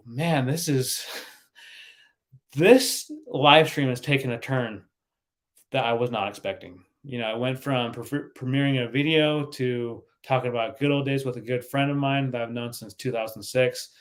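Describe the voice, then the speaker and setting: A man hosting a casual livestream, laughing often and stumbling over his words as he reads the chat. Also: mid-range voice. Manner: giggly, laughs often and breaks off mid-sentence. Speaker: livestream host.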